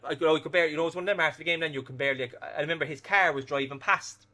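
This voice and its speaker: A man, a former footballer telling animated stories in a casual interview and swearing freely. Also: fairly high pitch, rapid-fire.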